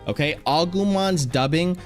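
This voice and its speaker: A man talks casually as a streamer, rambling from one thought to the next. He restarts sentences often and leans on fillers. His voice sits slightly high for a man. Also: moderate pace, faint music behind. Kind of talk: casual chat.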